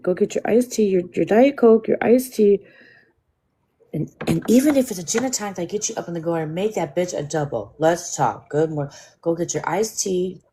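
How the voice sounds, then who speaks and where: A woman's voice: lowish voice, warm tone, a little hiss or hum. A woman hosting a casual livestream, blunt and sweary, scolding her chat and joking around. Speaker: livestream host.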